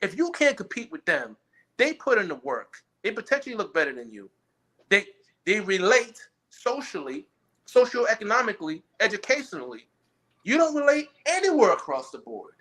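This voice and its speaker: A man's voice: sits high, wildly swooping pitch, moderate pace, bright, forceful tone. A man talking in a casual, opinionated chat, emphatic and rambling, often restarting his sentences.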